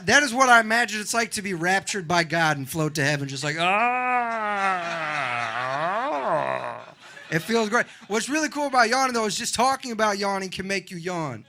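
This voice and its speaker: A young man doing a stand-up comedy set in a club, animated and acting out other people in loud voices. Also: high voice, brisk, background noise. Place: comedy club with a live audience.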